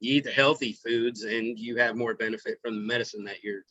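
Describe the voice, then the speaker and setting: Bright-voiced man in loose profane chat. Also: medium pitch, fairly even intonation, a little fast, breathy edge, dry recording, dull audio. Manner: rambling, profane, says "right?" often. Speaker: podcast co-host. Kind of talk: casual stoner chat. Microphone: remote voice chat.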